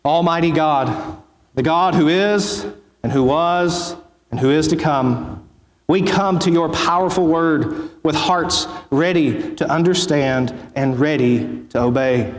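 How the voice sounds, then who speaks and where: A man preaching as pastor, reading scripture in a solemn, measured way before his sermon. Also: on the high side. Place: church sanctuary. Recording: echoey church hall.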